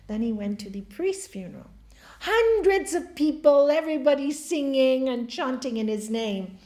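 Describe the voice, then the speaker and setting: A woman's voice: high voice, expressive, moderate pace. A woman giving an inspirational spiritual talk in a hall, telling stories and asking the audience questions. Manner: warm storytelling, asks the audience questions. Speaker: spiritual speaker. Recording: echoey hall.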